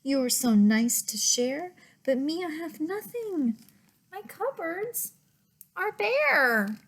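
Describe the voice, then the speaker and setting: Lady reading a sad sighing storybook bear, slow and lilting, pitched up high. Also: big pitch swings, exaggerated voice. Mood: glum. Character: glum, fretting male bear, a big woodland creature.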